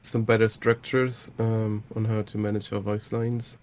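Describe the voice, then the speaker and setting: A man's voice: on the low side, little pitch movement, a little slow, darkish tone. A man co-hosting a casual podcast, polite and a little apologetic in how he speaks. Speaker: podcast co-host. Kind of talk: casual group chat.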